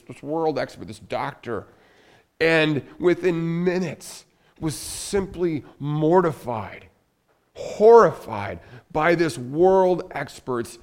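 A man giving a church sermon in a conversational storytelling way, often restarting his sentences and dropping to a soft, low voice at heavy moments. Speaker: pastor. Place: church sanctuary.

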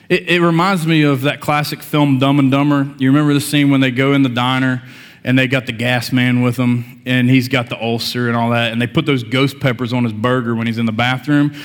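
A man's voice: mid-range voice, level tone, brisk. A male pastor delivering a sermon in a conversational style, with joking asides to the congregation. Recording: long church-hall reverb.

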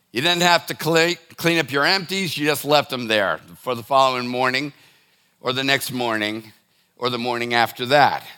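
A man's voice: on the high side, sharp tone. A middle-aged man preaching a sermon to his congregation in a loose, conversational way, with frequent restarts and direct asides. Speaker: pastor.

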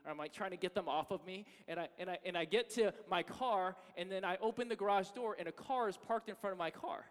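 A man preaching a sermon as pastor, telling a personal story with animated, self-mocking energy. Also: high-pitched, quick pace, few pauses, clear, resonant tone. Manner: animated storytelling, acting out his own frustration. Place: church sanctuary. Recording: long reverb of a church hall.

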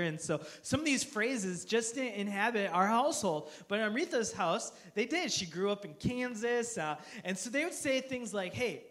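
A man's voice: sits high, fairly bright tone. A man preaching a humorous sermon to a live audience, joking and asking the crowd for applause and amens. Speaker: pastor. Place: church auditorium with live audience.

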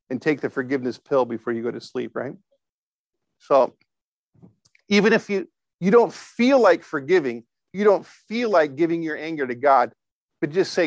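A man's voice: on the high side, normal speed, pauses often, dry recording. A man preaching a conversational sermon, often asking his listeners for a response. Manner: asks the congregation for responses; informal, with frequent fillers and restarts.

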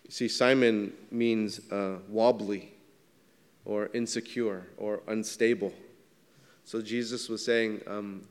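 A man delivers a sermon in a smooth, resonant voice. He keeps it conversational and asks his listeners questions. His voice trails off into a long hall reverb. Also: fairly low pitch, fairly even intonation, slow pace. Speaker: pastor.

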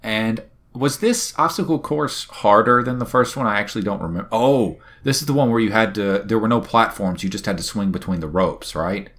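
A man's voice: on the low side, fairly quick, hardly any pauses, a bit bright. A man hosting a podcast, recapping a video game in casual, wry and opinionated chat. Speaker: podcast host.

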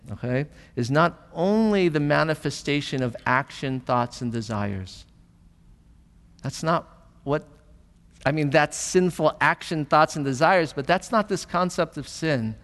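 A pastor preaching a sermon in a conversational way, asking rhetorical questions and building emphasis. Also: male voice, fairly high pitch. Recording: long hall reverb.

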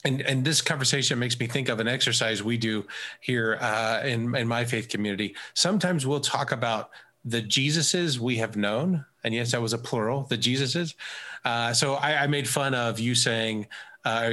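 A man who leads a faith community, telling stories in a casual conversation and acting out quoted dialogue. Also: mid-range voice. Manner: animated storyteller who acts out quoted dialogue. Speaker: faith community leader and residency coach.

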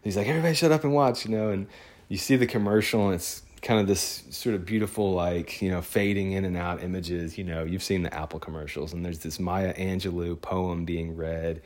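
A man, a photographer, telling a personal story in a casual, rambling, excitable way. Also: sits low, moderate pace.

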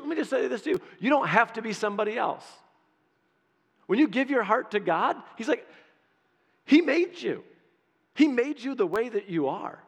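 A man with a high voice preaches in a lively, chatty way and slips into the voices of the people he quotes. His words ring out with a long hall reverb. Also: normal speed, long pauses. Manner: animated and conversational, acting out quotes. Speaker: pastor. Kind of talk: sermon.

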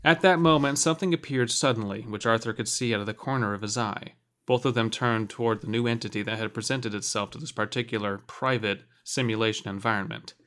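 A man's voice: on the low side, brisk, a bit bright, smooth. A man co-hosting a read-aloud show, joking and laughing easily between passages. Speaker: co-host and reader. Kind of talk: casual banter while reading a novel aloud.

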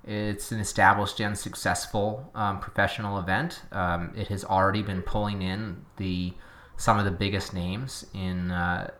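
Bright-voiced Boston man chatting. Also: lowish voice. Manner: chatty and opinionated, trailing into tangents. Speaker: podcast co-host. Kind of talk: casual podcast chat.

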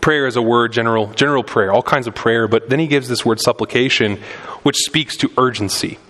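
A man's voice: medium pitch, fairly quick, a bit bright. A young adult man preaching a sermon as a pastor in a church, conversational and building in intensity on key points. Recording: long hall reverb.

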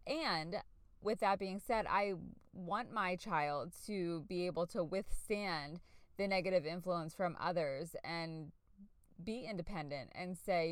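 Middle-aged woman podcast host, candid reflective monologue, smooth clear tone, dry close-miked sound. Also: fairly low pitch, a little slow, no room sound. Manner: candid, searching, with fillers and self-corrections.

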